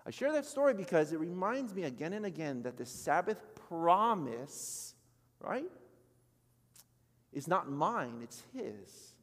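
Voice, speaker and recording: Man, pastor, sermon, high voice, storytelling with quoted voices, long church reverb. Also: a little slow. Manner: storytelling with animated quoted voices, swinging from loud to soft. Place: church sanctuary.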